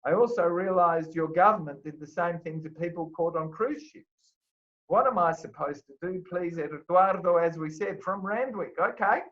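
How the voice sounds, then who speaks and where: A man hosts a casual chat, reading listener letters aloud and tossing in playful asides. His voice sits a little high. The sound is muffled and lo-fi, like a home setup. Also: normal speed, fairly bright tone.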